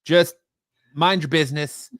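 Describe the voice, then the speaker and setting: A man hosting a live wrestling chat show, relaxed and joking as he explains the news. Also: on the high side, measured pace, no room sound. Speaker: podcast host. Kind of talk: casual live-stream chat.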